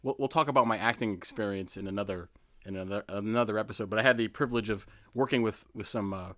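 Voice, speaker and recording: A man co-hosting a podcast who talks fast in a casual, jokey way and slips into mock-dramatic buildups. His voice sits mid-range and the sound is dry, with no room echo. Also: lowish voice, sharp tone. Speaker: podcast co-host. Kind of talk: casual joking chat.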